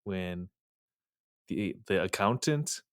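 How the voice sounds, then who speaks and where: A man co-hosting a casual podcast chat, relaxed, asking questions and laughing along. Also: sits low, takes it slowly, clear, resonant tone, dry recording, studio quality. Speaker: podcast co-host.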